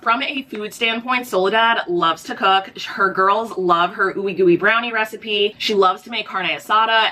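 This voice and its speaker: A woman vlogging at home, retelling a story in an animated, gossipy way and saying "like" often. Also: medium pitch, a little hiss or hum. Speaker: book vlogger. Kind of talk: casual chatty vlog narration.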